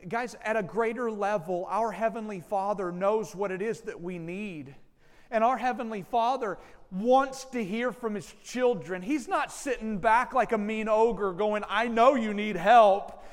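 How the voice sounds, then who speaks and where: A man's voice: high-pitched, unhurried. A man preaching a sermon as pastor, speaking earnestly and directly to his congregation. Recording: long hall reverb.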